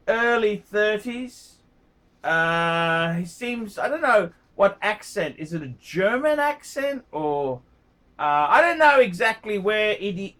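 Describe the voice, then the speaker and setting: A man's voice: high voice, pushed and bright. Blunt, profane man reviewing watches. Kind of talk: casual review monologue.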